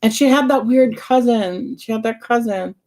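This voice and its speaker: A woman co-hosting a live stream, chatty and quick to laugh, rambling through her stories. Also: on the high side, mellow. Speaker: co-host. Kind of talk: casual live-stream chat.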